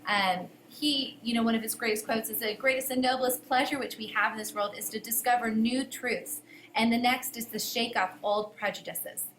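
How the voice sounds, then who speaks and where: A woman's voice: fairly high pitch, steady tone, moderate pace, a bit bright. A woman with a Southern US accent, co-hosting a history podcast lesson in a chatty way with fillers. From American South. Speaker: history teacher, podcast co-host. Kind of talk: educational podcast discussion. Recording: echoey room, faint hiss.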